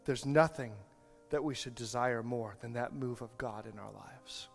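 A man's voice: mid-range voice, a little slow, vocal fry. A male pastor preaching a sermon, telling a story and building to impassioned appeals. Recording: long hall reverb, faint music.

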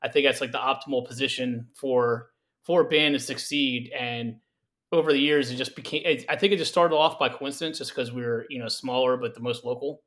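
A man as a guest in a casual podcast chat, relaxed and swearing casually. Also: medium pitch, a little fast.

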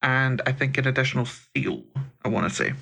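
A man's voice: medium pitch, fairly quick, gravelly, sharp tone, slightly rough, soft background music. A man with a Scottish accent co-hosting a gaming podcast, chatting casually and rambling a little. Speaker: podcast co-host.

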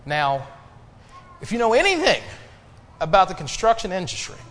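A male pastor preaching a sermon to his congregation, building emphasis and pausing for responses. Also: high-pitched, wildly swooping pitch, a bit bright, long reverb tail. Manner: preaching with rising emphasis and call-and-response pauses. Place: church sanctuary.

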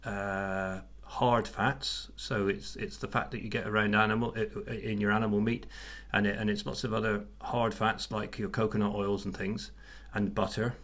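A man's voice: on the low side, flat delivery, moderate pace, hardly any pauses, fairly bright tone. A middle-aged man co-hosting a podcast, chatting casually with frequent restarts. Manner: chatty, hesitant with many restarts. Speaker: podcast co-host. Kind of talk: casual chat.

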